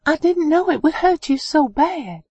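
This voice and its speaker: Breathless stammering young woman, voiced by the female narrator, high, dry studio read. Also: lively intonation, unhurried, a little mellow, no room sound. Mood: anxious. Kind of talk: audiobook character voice.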